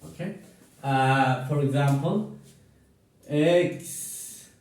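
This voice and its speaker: A man teaching a grammar lesson to a class, slow and encouraging, repeating words for students to echo. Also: a little high, big pitch swings, warm tone. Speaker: English teacher. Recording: echoey room, voice far from mic.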